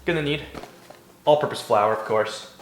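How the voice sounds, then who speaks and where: A young man talking through a home bake in a casual cooking vlog. His voice sits at an ordinary middle pitch, and he rambles along with jokey, self-mocking asides. He sounds like someone filming in his own kitchen. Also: normal speed, noisy background. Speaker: home cook vlogger.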